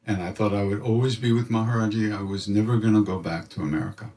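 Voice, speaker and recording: A man telling a reflective personal story, animated and acting out other people's voices in his quotes. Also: lowish voice, quick pace, far from the mic. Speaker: spiritual storyteller.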